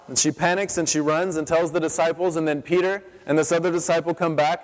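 A man delivers a sermon in a fairly high voice, telling the scripture as a vivid story. He keeps asking rhetorical questions of his listeners. His words trail off into the long reverb of a large hall. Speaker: pastor.

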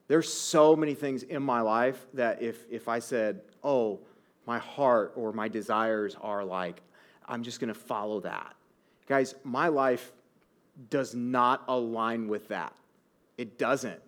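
A man in his thirties preaching a sermon as a pastor, conversational and animated, often asking the listeners rhetorical questions. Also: medium pitch, slow.

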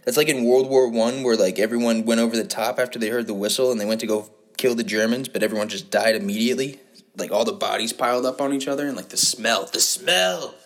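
A man's voice: medium pitch, steady tone, fast. A young man hosting a rambling, profane comic monologue and laughing at his own jokes. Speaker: show host.

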